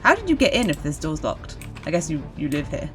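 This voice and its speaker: Woman streamer, lowish voice with lively swings, giggly, casual play-by-play, faint music behind. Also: fairly quick. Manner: giggly, chatty, talks to zombies. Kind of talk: casual gameplay commentary.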